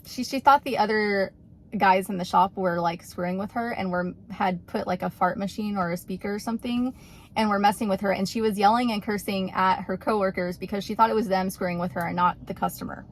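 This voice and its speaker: A chatty woman vlogger recounts a story in a loose, rambling way, peppering her talk with fillers. Her voice sits at an ordinary middle pitch and she sounds amused throughout. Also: steady tone, a little fast, slight background noise. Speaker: YouTuber. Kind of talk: casual storytelling vlog.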